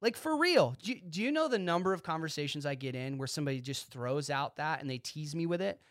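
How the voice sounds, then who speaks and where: A man hosting his own podcast, talking excitedly in a casual monologue and acting out quick bits of dialogue. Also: on the high side, dry recording, studio quality. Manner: excitable, animated, talks with his hands in quoted dialogue. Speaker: podcast host.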